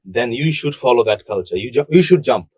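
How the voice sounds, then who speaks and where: Husky man, lively chat. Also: medium pitch, fairly quick, no echo, poor audio. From Bangladesh. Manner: animated, repeats words, does playful accent impressions. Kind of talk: casual chat.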